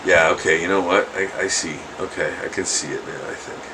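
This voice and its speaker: While drawing on stream, a middle-aged man chats in a low voice with fairly even intonation, talking rather quickly over background noise. His talk is rambling and full of chuckles, fillers, and restarts.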